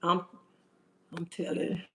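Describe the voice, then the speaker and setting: A man's voice: high voice, completely flat delivery, slow, vocal fry, noisy background. A man ranting on a livestream to viewers, sassy and emphatic, calling them "honey" and asking "okay?". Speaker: livestream host. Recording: roomy echo.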